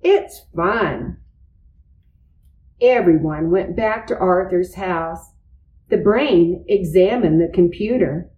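A woman slowly reading a children's storybook aloud. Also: on the low side, reverberant, narrow, tinny audio. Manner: slow, deliberate. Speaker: reader.

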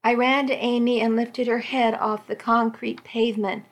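A woman volunteer reading a romance novel aloud for a radio program, in a slow, measured way. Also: a little high, level tone. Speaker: volunteer reader.

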